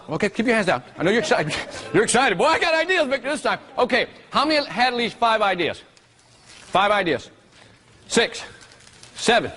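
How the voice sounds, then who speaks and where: A male workshop presenter teaching a live seminar, energetic and constantly quizzing his audience with questions. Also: high voice, breathy edge.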